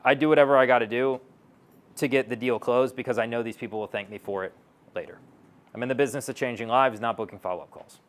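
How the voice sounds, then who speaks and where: A man's voice: mid-range voice, fast talker. A man giving a stage talk to an audience as a sales coach, brash and blunt, swearing and acting out both sides of dialogues.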